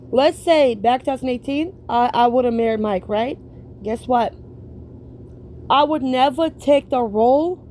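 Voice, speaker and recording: Woman reacting on stream, high voice, mellow tone, blunt profane ranting, slow emphatic phrasing. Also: a little hiss or hum. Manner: blunt, emphatic, drawn-out preaching.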